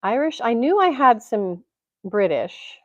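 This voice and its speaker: A Tennessee woman hosts a casual livestream from her home, rambling along and laughing often. Her voice is a little high and very animated, her pace unhurried. Captured on a computer mic indoors, the sound is dry and lo-fi.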